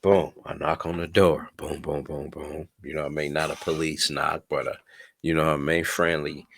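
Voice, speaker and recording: Deep-voiced young man telling a story. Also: level tone, moderate pace, gravelly. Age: 20s. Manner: laid-back, swears a lot, keeps asking "you know what I'm saying". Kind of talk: casual storytelling.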